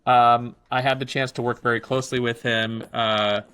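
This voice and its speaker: A man's voice: medium pitch, moderate pace, clear, resonant tone. A man being interviewed about his film, talking casually and animatedly with plenty of fillers. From not from England. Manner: animated storyteller, many fillers. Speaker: filmmaker guest.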